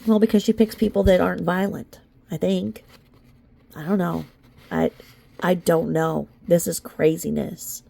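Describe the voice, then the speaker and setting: A young woman reading a legal filing aloud, then breaking off into incredulous, animated reactions. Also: fairly low pitch, measured pace, creaky. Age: young adult. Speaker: commentary vlogger.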